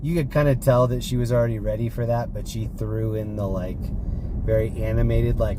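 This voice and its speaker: Rambling, chatty male livestream host in a car, mid-pitched, steady road hum. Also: fairly quick. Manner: rambling, chatty, full of filler likes. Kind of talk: casual driving vlog storytelling. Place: inside a moving car.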